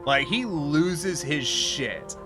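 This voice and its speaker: A man's voice: fairly high pitch, expressive, drawn-out words, over music. A man streaming and telling a story in a casual chat style, ranting with lots of profanity.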